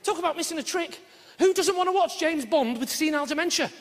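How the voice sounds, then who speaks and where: A middle-aged man doing a brash, sweary live stand-up routine, shouting his punchlines. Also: extremely high pitch, quick pace. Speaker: stand-up comedian. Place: large theatre with audience. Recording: reverberant live hall with audience noise.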